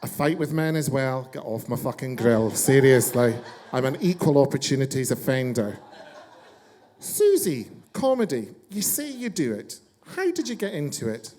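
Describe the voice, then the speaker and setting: A man's voice: mid-range voice, sing-song, normal speed, mellow. A man hosting a casual chat show, ranting brashly with lots of swearing and jokes. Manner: brash, sweary, joking rants.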